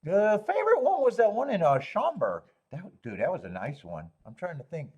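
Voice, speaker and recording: Husky, lively man chatting on a stream. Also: high-pitched, fairly quick, dull audio. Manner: rambling, joking, greets chat viewers. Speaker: horse racing stream host. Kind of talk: casual live-stream chat.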